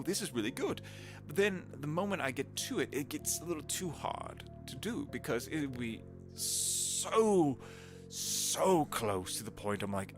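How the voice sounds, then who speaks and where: A male voice actor chatting casually on a live stream, animated and talkative, laughing often. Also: medium pitch.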